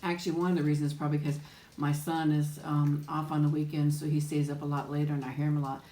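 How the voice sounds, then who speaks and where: A woman's voice: low voice, little pitch movement, fast, echoey room. A woman hosting a casual mukbang live chat, greeting viewers by name with ums and little laughs. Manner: chatty, warm greetings, frequent laughs and ums. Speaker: mukbang livestream host.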